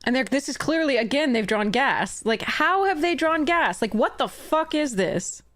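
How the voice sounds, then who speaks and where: Young woman, livestream commentary, frustrated, cursing, exasperated laughs, a little high-pitched. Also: expressive, normal speed, fairly bright tone, soft background music. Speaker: streamer.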